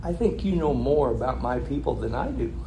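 A man's voice: medium pitch, very animated, brisk, background noise, close to an everyday voice. A male pastor voicing a friendly young woman shop clerk in his sermon story. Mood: cheerful.

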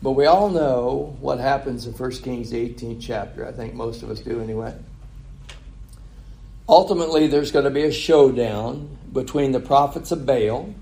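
A man's voice: mid-range voice, measured pace, vocal fry, darkish tone. A man preaching a conversational sermon, asking the congregation rhetorical questions.

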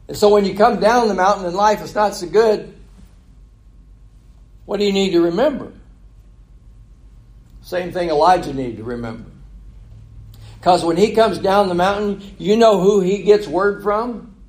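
A man's voice: high-pitched, measured pace, pauses often, darkish tone. A man preaching a conversational sermon, asking the congregation rhetorical questions.

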